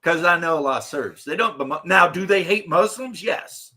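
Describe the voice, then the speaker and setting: A man talking loosely with a co-host, his voice set a bit high and cutting through with a bright, forceful edge. He rambles from point to point and laughs as he goes. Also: lively intonation, normal speed. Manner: rambling, laughs often, bursts into shouted imitations. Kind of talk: casual chat.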